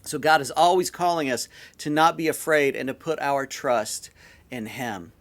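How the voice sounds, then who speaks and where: A male pastor giving a sermon in a relaxed, conversational storytelling way, often repeating words as he goes. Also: medium pitch, normal speed.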